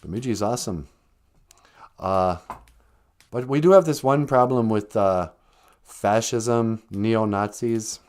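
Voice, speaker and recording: A man's voice: lowish voice, slow, a little mellow, clear, resonant tone. An older man hosting a live stream, telling chatty stories and laughing often as he talks. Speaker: host. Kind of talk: casual storytelling on a live stream.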